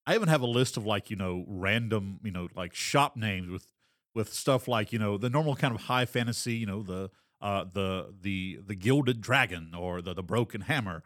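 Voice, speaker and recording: A man's voice: fairly low pitch, a bit bright, dry recording. Rambling man, dry close sound. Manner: rambling, filler-heavy, drops into quick character voices. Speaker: podcast co-host, game master. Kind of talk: casual chat.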